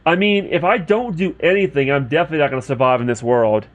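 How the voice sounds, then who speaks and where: A man's voice: a little high, quick pace. A man streaming a role-playing game, chatting casually to his viewers between lines of game text. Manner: chatty, talks to chat while reading game text. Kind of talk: casual livestream commentary.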